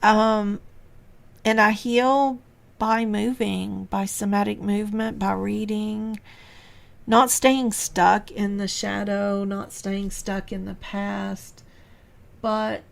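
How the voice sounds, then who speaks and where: A woman hosting a reflective spiritual podcast, talking in an unhurried, musing way with sighs and soft laughs. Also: mid-range voice, creaky. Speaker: podcast host and spiritual teacher.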